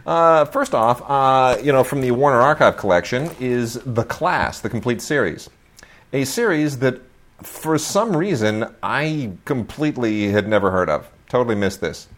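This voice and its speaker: A man's voice: medium pitch, animated, normal speed, fairly bright tone. A middle-aged man hosting a casual chat about new releases, rambling with many fillers and restarts, gushing with enthusiasm. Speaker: host.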